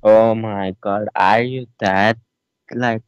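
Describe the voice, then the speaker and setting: Male caller, native Urdu speaker, defensive and halting, on a dull, dry line. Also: lowish voice, fairly even intonation, clear, resonant tone, no room sound. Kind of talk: live online religious debate. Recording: dull, dry call audio.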